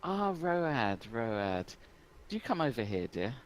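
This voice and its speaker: A man voicing a scheming, condescending elf woman leader in a tabletop game, high and sugary in tone. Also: big pitch swings, takes it slowly, a little hiss or hum, poor audio. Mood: sweetly menacing.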